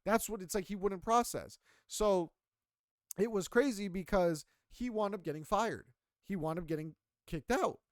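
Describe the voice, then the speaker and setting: A young man co-hosting a podcast, telling a story in a casual, animated and heavily profane way. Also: high-pitched, moderate pace, no room sound, studio quality. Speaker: podcast co-host.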